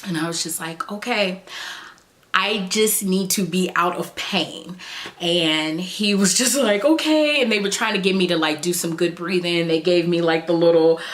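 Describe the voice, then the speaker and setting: A woman's voice: lowish voice, moderate pace. Chatty young woman telling a story. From Chicago. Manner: chatty, animated retelling with quoted dialogue. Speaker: vlogger. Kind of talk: personal storytime vlog.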